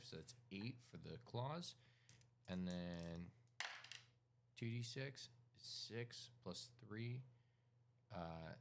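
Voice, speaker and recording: A man narrating as game master, calling dice rolls in a casual, halting way with many fillers. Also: low voice, a little hiss or hum.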